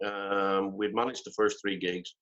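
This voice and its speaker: A man's voice: on the low side, steady tone, measured pace, a bit bright. An older man with a Northern Irish accent, rambling and self-deprecating as he chats and laughs in a video-call interview. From Northern Ireland. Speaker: guest musician. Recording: dull lo-fi call audio.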